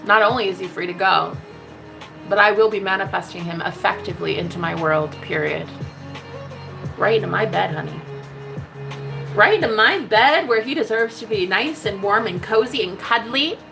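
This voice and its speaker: In a medium-pitched voice with vocal fry, lively intonation and a moderate pace, a spiritual love-reading vlogger delivers an impassioned, sassy monologue, swearing often and calling the listener "honey." Music plays behind her, and the recording is rough.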